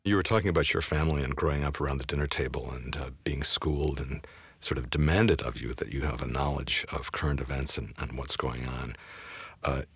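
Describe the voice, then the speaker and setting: A male podcast host asking questions in a measured, soft-spoken way. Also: rumbling low, steady tone, slightly rough, dry recording. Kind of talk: podcast interview.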